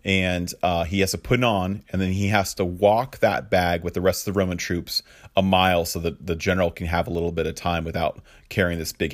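A man's voice: deep voice, no echo, studio quality. A man preaching in a conversational way, with casual fillers and chuckling asides. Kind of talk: conversational sermon teaching.

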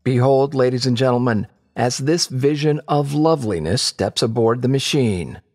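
A man's voice: mid-range voice, normal speed, a little mellow, long reverb tail, faint music behind, voice pushed up, close to an everyday voice. A man voicing a jovial middle-aged fair showman who talks in a theatrical, joking way. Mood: showy.

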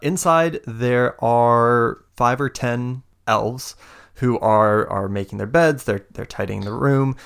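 Game master, male, gravelly, halting delivery full of fillers. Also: mid-range voice, fairly bright tone. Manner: hesitant, many fillers and restarts. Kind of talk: narrating a tabletop game.

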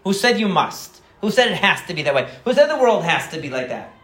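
A man's voice: high-pitched, very animated, a bit bright, echoey room. A man voicing a combative old male therapist who fires challenging questions at patients. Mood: interrogating. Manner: challenging, rapid-fire questioning.

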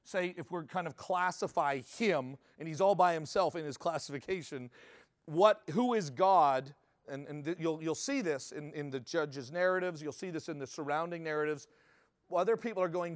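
A male pastor teaches from the pulpit in a loose, talkative style, stopping to question his listeners and correcting himself mid-sentence. His voice sits a little higher than most men's. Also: moderate pace. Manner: conversational, restarts often, asks the room questions. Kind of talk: sermon teaching.

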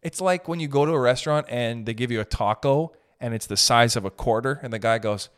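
A man's voice: mid-range voice, a little fast, few pauses, smooth. Man ranting casually on a podcast. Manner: profane, ranting, animated opinions. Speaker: podcast host. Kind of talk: casual chat.

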